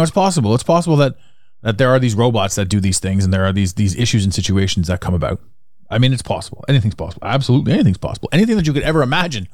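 Speaking with a Canadian accent, this solo podcast host wanders and repeats himself, returning again and again to the same points. His voice is medium-pitched and darkish, recorded dry at studio quality.

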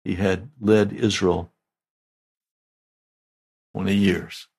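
An older man, a pastor, giving a slow, deliberate, conversational sermon. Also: low voice, flat delivery, vocal fry, darkish tone, breathy edge.

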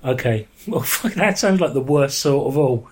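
A man's voice: mid-range voice, lively intonation, normal speed, darkish tone, slightly rough. A man, co-hosting a podcast and trading dry, teasing banter. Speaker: podcast co-host. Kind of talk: casual chat.

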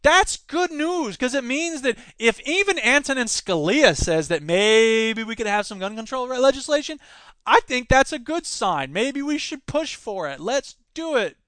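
A man hosting a solo political podcast, talking in an animated, sarcastic way and mocking others in put-on voices. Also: very high voice, a little slow, no room sound, studio quality. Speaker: podcast host.

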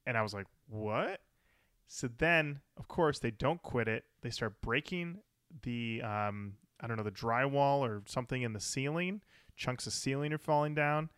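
A man's voice: mid-range voice, moderate pace, fairly bright tone, smooth, dry recording, clean studio sound. A man co-hosting a podcast, chatting casually and telling stories. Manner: chatty storyteller, slips into quoted voices. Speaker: podcast co-host. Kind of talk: casual chat.

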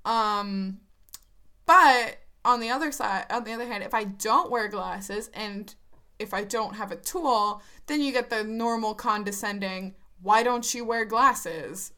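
A woman with a bright, forceful voice talks casually as a podcast co-host. She speaks frankly and laughs often. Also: medium pitch, measured pace. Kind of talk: casual chat.

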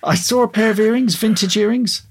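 A man's voice: high-pitched, brisk, gravelly, a little hiss or hum, voice pushed up. Guy doing a sheepish hapless boyfriend, pleading a bit. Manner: hesitant and pleading. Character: sheepish, hapless young man.

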